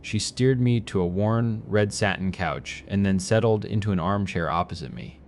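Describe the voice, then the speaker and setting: A man reads a horror story in a very deep voice. His delivery is measured and grim, with a faint hiss of noise behind him. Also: a little mellow. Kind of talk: scripted horror narration.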